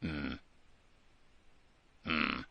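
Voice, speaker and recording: A man's voice: a bass voice, fairly even intonation, drawn-out words, gravelly, pushed and bright, no room sound. A man hosting a call-in talk show, commenting casually and laughing as he acts out what people said. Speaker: radio show host.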